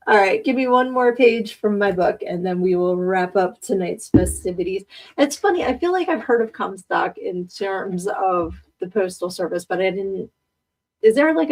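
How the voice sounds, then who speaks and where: A woman's voice: mid-range voice, normal speed. A woman hosts a live podcast in a casual, joking way. She chats freely with her listeners and laughs often. Her voice sits in a middle range. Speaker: podcast host. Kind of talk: casual live-stream chat.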